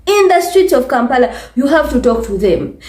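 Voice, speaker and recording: A woman's voice: sits high, big pitch swings, moderate pace, darkish tone. A woman with a Ugandan English accent talking to camera in a casual vlog, emphatic, repetitive and exasperated. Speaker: vlogger. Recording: echoey room.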